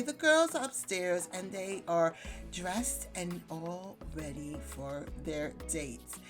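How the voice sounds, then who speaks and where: A woman hosting a let's play, chatty in casual commentary, speaking to her viewers. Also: mid-range voice. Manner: chatty, addresses viewers as guys.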